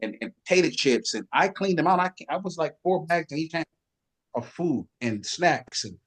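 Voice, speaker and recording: A middle-aged man, a guest bodybuilder, telling lively backstage stories and imitating other people's voices in casual chat. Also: fairly high pitch, moderate pace, husky. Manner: animated storyteller, does voices of others. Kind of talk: casual storytelling.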